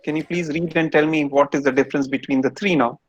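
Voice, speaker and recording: A man's voice: a little high, fairly even intonation, fast, dry recording, muffled recording. A man giving an online lecture to students over a video call, explaining step by step and quizzing them.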